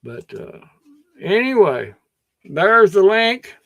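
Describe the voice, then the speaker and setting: A man's voice: high-pitched, sing-song, takes it slowly, vocal fry, a bit bright, no room sound. A man with a Kentucky accent hosting a livestream in rambling casual chat, his throat a bit scratchy, drawling and meandering with many restarts. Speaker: livestream host.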